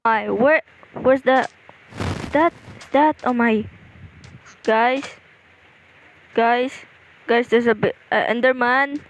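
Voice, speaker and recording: A woman's voice: fairly high pitch, takes it slowly, pauses often, highs cut off, slight background noise. A young woman with a Filipino accent giving rambling, casual game commentary, often repeating and restarting phrases. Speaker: gaming video creator.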